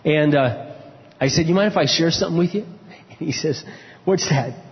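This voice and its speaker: A man preaching in a big church hall, his fairly high voice ringing with long reverb. He tells stories from his own marriage, dropping to quiet confessional asides and then rising into loud shouted points. The sound is a bit dull and muffled. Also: normal speed. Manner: storytelling, swings from low confessional murmurs to loud shouted emphasis. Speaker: pastor. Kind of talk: sermon.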